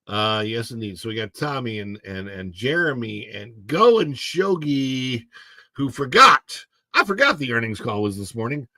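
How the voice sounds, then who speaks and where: A man's voice: mid-range voice, sharp tone, no room sound. A middle-aged man hosting a casual livestream, chatting and reading viewer comments aloud. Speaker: livestream host.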